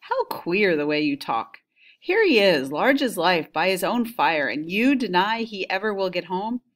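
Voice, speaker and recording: A woman's voice: fairly low pitch, big pitch swings, unhurried. A woman voicing an old nurse who is eager and insistent, read aloud with emphasis. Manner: pleading, emphatic reading aloud.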